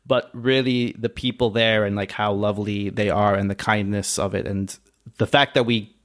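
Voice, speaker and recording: A man hosting a podcast, speaking in a relaxed, reflective way as he wraps up the episode. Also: fairly low pitch, moderate pace. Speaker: podcast host. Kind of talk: casual chat and show sign-off.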